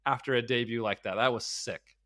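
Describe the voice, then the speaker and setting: A man's voice: mid-range voice, fairly quick. A man in his thirties, a former player, chatting animatedly and with self-mockery as a soccer analyst. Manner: animated, self-mocking storyteller. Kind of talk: casual sports chat.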